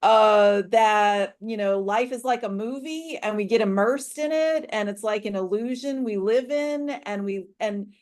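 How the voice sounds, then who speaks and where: A woman coach chatting in a relaxed online roundtable. She tells stories with animated energy and acts out the lines of the people in them, in a voice of middle pitch. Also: a little slow, hardly any pauses. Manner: animated storyteller, acts out dialogue. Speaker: coach and discussion host. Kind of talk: casual roundtable discussion.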